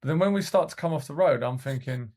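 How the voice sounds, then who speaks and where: A man's voice: a little high, quick pace, darkish tone. A man co-hosting a casual podcast, telling coaching stories in a rambling way full of fillers and restarts. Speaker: podcast co-host and youth football coach.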